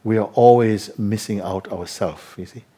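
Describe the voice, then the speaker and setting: A man giving spiritual teaching to a live audience, unhurried and probing with repeated questions. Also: on the low side, dark tone.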